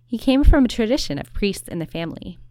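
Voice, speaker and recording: A woman narrating a documentary in a clear, even, scripted way. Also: medium pitch, quick pace, no room sound.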